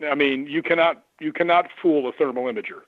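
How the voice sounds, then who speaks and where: A man who investigates the paranormal, telling lively stories and acting out the voices of the people in them. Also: fairly high pitch, fairly quick, dry recording. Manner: animated anecdotes, acts out quoted voices. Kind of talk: storytelling on a radio call-in. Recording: tinny phone line.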